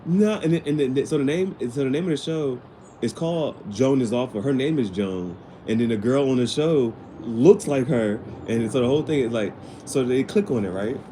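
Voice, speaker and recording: A man's voice: medium pitch, moderate pace, warm tone, slight background noise, poor audio. A man casually recapping a TV episode in slangy, rambling speech with many restarts. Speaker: vlogger.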